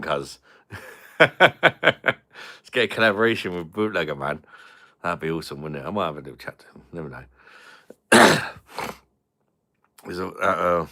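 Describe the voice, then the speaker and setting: A man's voice: low voice, moderate pace, pauses often, bright, forceful tone. A man chatting crudely with viewers on a beer review livestream, swearing and laughing often. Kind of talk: casual livestream chat.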